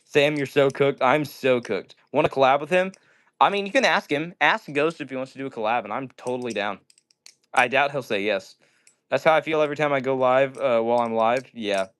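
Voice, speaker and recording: A man's voice: mid-range voice, brisk, fairly bright tone, smooth. A man hosting a casual livestream, chatting with viewers and rambling and apologizing often. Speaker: livestream host.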